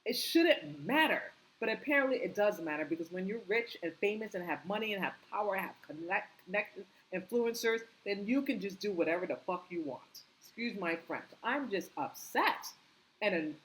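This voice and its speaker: A woman delivering an impassioned opinion monologue, indignant and repetitive, firing rhetorical questions and climbing in pitch when angry. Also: animated, normal speed, fairly bright tone, rough recording. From United States. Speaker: political commentary vlogger.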